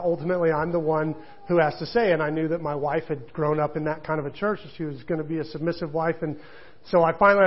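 A man's voice: high-pitched, lo-fi sound. A middle-aged man preaching a sermon in a chatty, joking storytelling manner. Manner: conversational, self-deprecating storytelling with laughter. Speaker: pastor.

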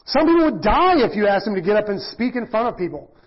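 A middle-aged pastor teaching in a casual, self-deprecating sermon, often acting out quoted voices. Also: male voice, sits high, very animated, fast, breathy edge. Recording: dull lo-fi church audio.

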